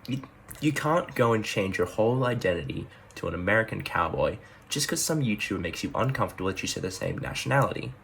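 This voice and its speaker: A man voicing a bossy, teasing alter ego who talks down with dry bluntness. The voice sits very deep but has a bright, forceful edge. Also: expressive, quick pace, creaky, a little hiss or hum. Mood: blunt.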